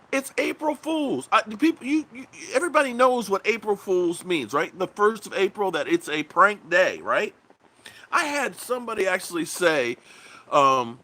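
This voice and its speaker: A man hosts a casual sports livestream, his voice bright and forward with a lively, swooping pitch. He rambles loosely, reads viewers' comments aloud, and curses bluntly. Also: fairly quick. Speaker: sports channel host.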